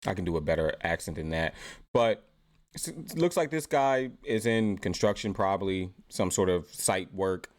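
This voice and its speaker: A man's voice: sits low, expressive, normal speed. A man from Britain hosting a reaction channel, giving opinionated commentary in a chatty way and asking rhetorical questions. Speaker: host.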